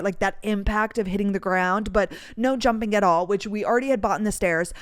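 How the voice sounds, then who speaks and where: A woman from North Dakota hosts her own podcast and talks casually to her listeners. Her voice is smooth and clear, and she rambles, fills her sentences with "like" and swears easily. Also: medium pitch. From North Dakota, USA. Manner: chatty and rambling, heavy use of "like", casual swearing. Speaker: podcast host. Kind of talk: casual solo storytelling chat.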